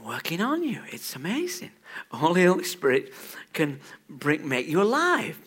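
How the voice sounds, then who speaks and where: A man preaching a sermon in a church, animated, swinging from hushed asides to loud exclaims. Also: on the high side, moderate pace, husky.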